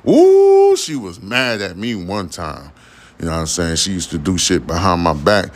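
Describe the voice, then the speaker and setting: A man's voice: low-pitched, moderate pace, fairly bright tone. A young man hosting a podcast, rambling casually in a profane, slang-heavy monologue. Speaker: podcast host.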